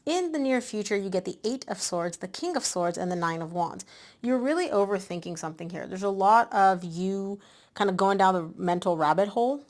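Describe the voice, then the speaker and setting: Woman tarot reader, medium pitch, breezy and talkative, slightly winded. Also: a little fast. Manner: chatty, animated, with many "like" and "um" fillers. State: a bit out of breath. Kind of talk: casual tarot reading to camera.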